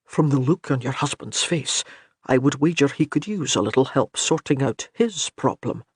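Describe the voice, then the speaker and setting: A man reading as a kindly old Highland priest who reassures with light humor. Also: lively intonation, moderate pace, slightly rough, no room sound, clean studio sound. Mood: reassuring.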